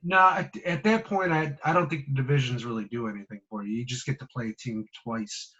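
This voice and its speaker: A man co-hosting a casual fantasy football podcast, hesitating and filling pauses with ums and uhs. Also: mid-range voice, steady tone, fairly bright tone, muffled recording. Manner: hesitant, filler-heavy, trailing off. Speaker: podcast co-host.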